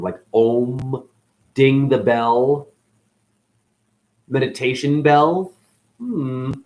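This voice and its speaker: A man hosting a rambling esoteric monologue, jumping between wordplay and sudden loud and soft swings, calling his listeners honey. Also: mid-range voice. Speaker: channel host.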